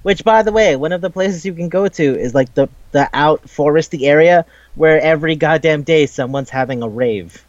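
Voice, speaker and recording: A young man co-hosting a casual game chat, animated and swearing, often acting out game dialogue. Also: a little high, moderate pace, hardly any pauses, no room sound. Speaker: podcast co-host. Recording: dry, muffled lo-fi mic.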